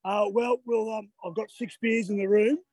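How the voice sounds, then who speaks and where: An older Australian man, a marathon runner, chats to radio hosts by phone from outdoors near the finish line. He sounds tired after the race, laughs a lot, and acts out what the crowd shouted at him. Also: sits high, fairly even intonation, moderate pace, breathy edge, no room sound. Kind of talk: casual chat on a live radio call. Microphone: phone on a video call.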